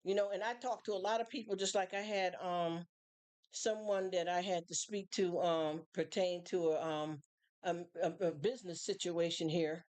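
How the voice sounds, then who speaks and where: A woman's voice: on the low side, fairly even intonation, moderate pace, a little mellow. A woman hosting a live stream, talking casually and at length to her viewers, rambling with many fillers and restarts. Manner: acts out other people's voices in quotes.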